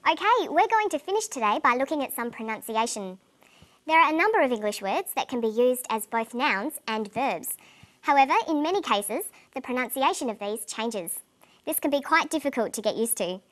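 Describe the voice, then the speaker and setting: A woman presenting an English lesson in clear, deliberate scripted narration, slowing down on example words. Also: sits high, animated.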